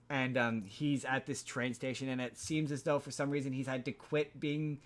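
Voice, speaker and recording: A man of medium pitch chats casually as a podcast host, recapping a story. He rambles, trips over his words and restarts sentences often. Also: normal speed. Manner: rambling, frequent restarts and stammered repeats. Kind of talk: casual chat recapping a film.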